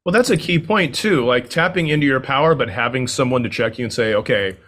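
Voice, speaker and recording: A man hosting a podcast interview and making calm, reflective remarks. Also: medium pitch, fast talker. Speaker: podcast host. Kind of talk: casual interview conversation.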